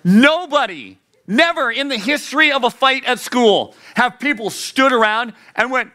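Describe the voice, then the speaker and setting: Animated, joking youth pastor man. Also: moderate pace, hardly any pauses. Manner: animated and joking, jumps into high comic voices. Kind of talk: youth sermon.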